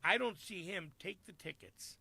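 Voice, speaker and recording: An older man, a comedian guest telling a profane, animated story in casual chat. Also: high voice, moderate pace, creaky, no echo.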